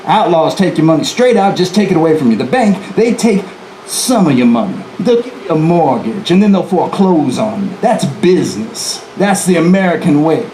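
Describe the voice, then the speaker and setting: A man's voice: fairly high pitch, very animated, moderate pace, mellow, roomy sound, a little hiss or hum, poor audio. Jesse James, a man playing a boastful outlaw. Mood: folksy boastful. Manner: folksy, chatty asides to the audience. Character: boastful defiant male outlaw bank robber. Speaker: historical reenactor. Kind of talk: first-person historical storytelling performance. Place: live presentation venue, indoors.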